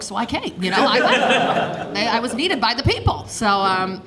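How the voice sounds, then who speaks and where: A woman's voice: on the high side, very animated, moderate pace, few pauses, a bit bright. A woman in her thirties doing a frank, chatty stand-up set on a comedy stage, working the crowd. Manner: chatty, frank, self-mocking.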